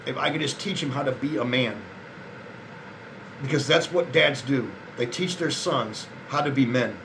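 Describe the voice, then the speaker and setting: A tired vlogger speaks to camera for his male viewers against a noisy background, his medium-pitched voice at a moderate pace. Frustrated, disappointed and resigned, he rambles casually between thoughts and swears a lot.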